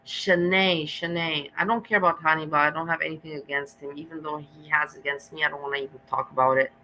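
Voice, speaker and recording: A woman's voice: low-pitched, fairly even intonation, quick pace, bright, forceful tone, a little hiss or hum, poor audio. A woman reacting on a live stream, talking bluntly and emotionally with frequent laughter.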